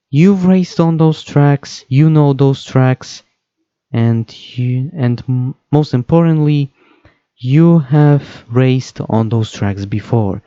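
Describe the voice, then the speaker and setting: A man's voice: medium pitch, warm tone, clean tone, no echo, muffled recording. A young man talking over game footage, hesitant, with many fillers and self-corrections. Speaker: gaming video host.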